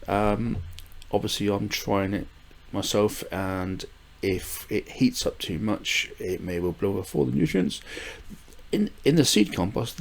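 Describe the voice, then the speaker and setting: With a fairly low, creaky voice, an older British gardening vlogger chats loosely on camera. His talk wanders, peppered with fillers, false starts and little chuckles.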